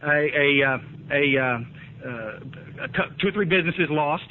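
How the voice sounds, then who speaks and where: Recorded on tinny archive tape with a bit of hiss or hum, a man with a fairly high voice speaks a little slowly at a recovery meeting. Folksy and emphatic, he recounts his story and keeps asking listeners if they follow.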